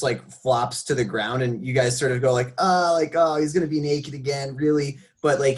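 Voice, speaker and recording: Slow-talking tabletop player describing a scene. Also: mid-range voice. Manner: laughing, casual player talk. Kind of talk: playing a tabletop game.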